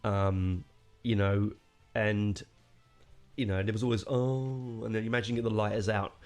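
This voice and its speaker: A man with a fairly low voice chats casually through an album review, excited and digressive, full of fillers and the odd swear word. Faint music plays underneath his voice. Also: normal speed. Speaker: podcast host reviewing a metal album.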